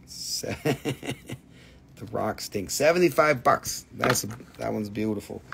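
A man's voice: on the low side, a little slow, gravelly, a bit bright, slight background noise. A man hosting a live stream gem sale, with joking sales patter and a put-on quirky accent that comes and goes.

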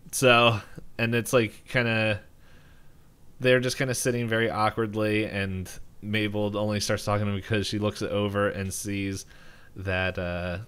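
A young man with a slightly low voice chats through a cartoon episode on a podcast. His delivery is loose and rambling, full of laughs, with sudden high jumps when he mimics the characters. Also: fairly bright tone, clear, resonant tone. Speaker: podcast co-host. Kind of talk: casual chat recapping an episode.

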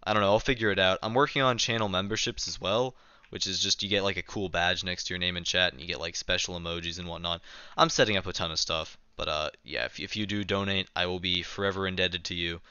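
A man's voice: deep voice, steady tone, quick pace, pushed and bright, clear, resonant tone, dry recording, dull audio. A young man casually live-streaming a game, chatting and reading his chat aloud with a self-mocking manner, keyboard clicks behind.

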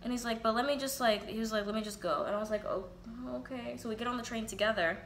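A woman's voice: on the high side, quick pace, slight background noise. A young woman telling a casual, profane storytime, acting out both sides of the dialogue. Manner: candid and profane, quotes herself and others in reenacted dialogue. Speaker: vlogger. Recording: roomy echo, faint ambience.

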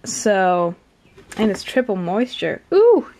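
A woman's voice: mid-range voice, a little slow, fairly bright tone, a little hiss or hum. A young woman vlogging to camera, chatty and rambling with many fillers, on the camera's own mic. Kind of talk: casual chat to camera.

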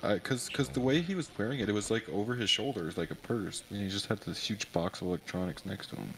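Gravelly man with teasing offhand quips. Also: on the low side, quick pace, a bit bright, rough recording. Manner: teasing, offhand, jokey remarks. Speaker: co-streamer. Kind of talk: casual gameplay chat. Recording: faint game music behind.

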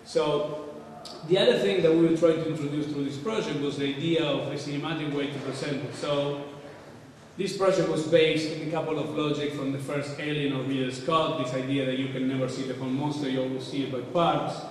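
A man's voice: a little high, steady tone, a little fast, distant mic, slight background noise. Man lecturing in an echoey hall. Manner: casual, irreverent, occasionally swearing. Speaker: architect giving a lecture. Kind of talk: informal lecture.

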